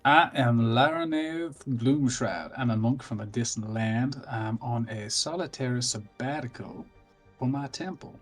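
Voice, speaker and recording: A man voicing a calm, wry monk from a distant land in a tabletop role-play. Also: mid-range voice, measured pace, soft background music, close to an everyday voice.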